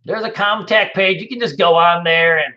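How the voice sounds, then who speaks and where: A man's voice: high voice, normal speed, highs cut off. A man hosting a casual trading webinar, answering viewer questions in a loose, rambling way with many fillers.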